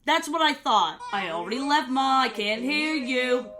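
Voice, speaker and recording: A woman's voice: high voice, expressive, sharp tone. A woman in her twenties chatting casually and joking while she does cosplay makeup. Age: 20s. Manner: chatty, joking, quick asides. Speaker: cosplay vlogger.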